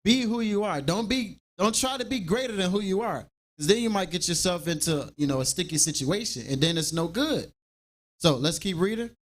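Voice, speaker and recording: A man leading a scripture class in an animated preaching style, acting out everyday dialogue to make his points. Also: high voice, a little fast.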